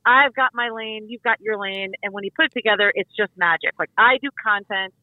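A woman's voice: medium pitch, a little fast, no echo. A woman co-hosting a podcast, chatting in an upbeat, playful way. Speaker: podcast co-host. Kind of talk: casual chat. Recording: tinny phone-like line, dry.

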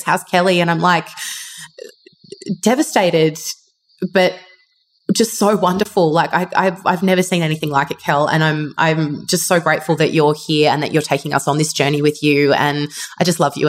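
A woman in her thirties co-hosting a podcast in casual chat, heartfelt and quick to laugh. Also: low-pitched. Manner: warm, heartfelt, laughs often. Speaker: podcast co-host.

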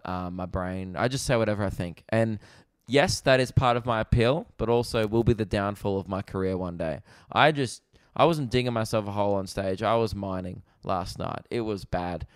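A young Australian comedian hosts his podcast, telling stories in a loose, rambling way with swearing. His voice sits a little low. The sound is dry and close. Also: normal speed, few pauses, smooth, no room sound. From Victoria, Australia. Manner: rambling, animated storytelling with swearing. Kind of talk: casual storytelling chat. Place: rented holiday apartment.

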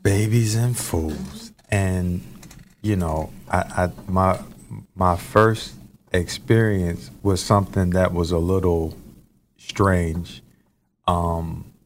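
A man's voice: low-pitched, fairly even intonation, slow pace, long pauses, a little hiss or hum. A man telling a personal story in casual chat, hesitant and searching for his words.

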